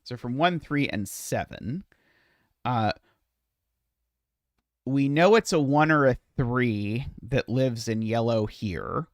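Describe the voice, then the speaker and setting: A man working through a puzzle out loud, talking very slowly and pausing often as he mutters to himself. His voice sits at an ordinary middle pitch, and the sound is close and dry with no room echo. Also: expressive. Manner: hesitant, muttering, many filler pauses. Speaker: puzzle streamer. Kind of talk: thinking aloud while solving a puzzle.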